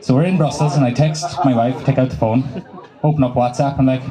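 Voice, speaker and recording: A man's voice: medium pitch, fairly even intonation, poor audio. An Irish comedian in his young adult years telling a loose, swearing stand-up story at an open mic. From Ireland. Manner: loose, swearing storytelling with quick voiced asides. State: dry throat. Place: small cafe at an open mic. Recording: live room with crowd. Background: crowd laughing.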